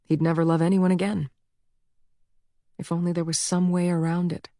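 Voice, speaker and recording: Low-voiced woman narrating an audiobook. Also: level tone, normal speed, dark tone, no echo, clean studio sound.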